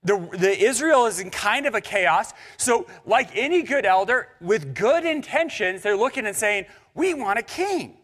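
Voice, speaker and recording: A man's voice: high voice, moderate pace, hardly any pauses. A young man preaching a sermon in a church, conversational and joking with the congregation. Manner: animated and conversational, with jokes and asides to the congregation. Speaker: pastor. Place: church sanctuary.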